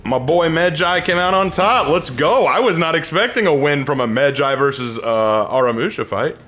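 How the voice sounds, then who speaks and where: A man's voice: fairly high pitch, animated, normal speed, fairly bright tone, faint music behind. A man streaming a video game, chatting casually to his viewers, rambling and laughing often as he plays. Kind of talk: casual gameplay commentary.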